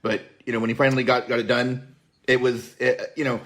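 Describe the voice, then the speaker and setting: A man's voice: medium pitch, level tone, a little fast, fairly bright tone. A man chatting on a podcast in an earnest way, often repeating his words. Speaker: podcast guest. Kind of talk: casual chat.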